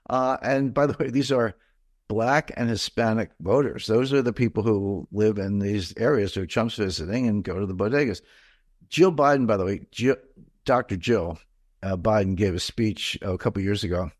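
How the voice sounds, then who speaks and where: A man's voice: on the low side, no room sound, studio quality. A middle-aged man from the mid-Atlantic United States, talking as an interview guest in a rambling, digressive way with many fillers and restarts. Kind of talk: conversational interview.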